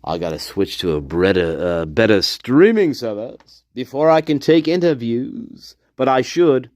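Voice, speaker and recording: Slow, rambling male livestream host. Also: mid-range voice, big pitch swings, a little mellow, dry recording, studio quality. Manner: rambling, profane, repetitive, laughs often. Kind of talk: casual livestream commentary.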